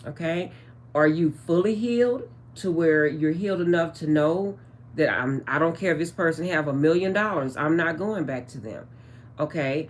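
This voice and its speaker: This low-voiced woman talks a little slowly, with a bit of hiss or hum in the audio. In her casual vlog she channels spiritual messages, chatting straight to viewers she calls "guys" and trailing off with "um."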